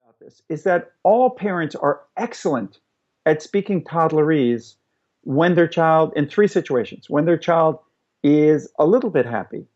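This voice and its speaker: A man's voice: fairly high pitch, measured pace. A man, a guest parenting expert, explaining in an interview and acting out little examples. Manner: animated, demonstrates with acted voices. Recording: dull lo-fi recording.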